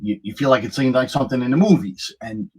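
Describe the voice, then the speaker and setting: Guest, middle-aged man, husky voice, animated storyteller acting out quotes. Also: mid-range voice, quick pace, rough recording. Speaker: guest, lifeguard. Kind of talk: casual conversational storytelling.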